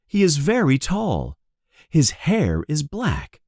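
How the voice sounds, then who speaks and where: Slow, expressive male storybook narrator. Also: a little high, no room sound, studio quality. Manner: clear, deliberate, expressive storytelling. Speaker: audiobook narrator.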